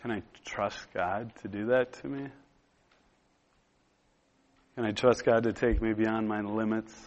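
A man in his thirties preaching, telling a personal story in a relaxed conversational way with lots of pauses and fillers. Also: on the low side. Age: 30s. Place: room with a gathered audience.

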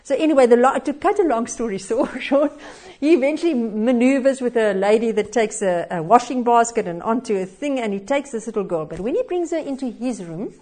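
A woman's voice: on the high side, darkish tone. A woman preaching a devotional sermon, telling a story expressively with little chuckles and hesitations.

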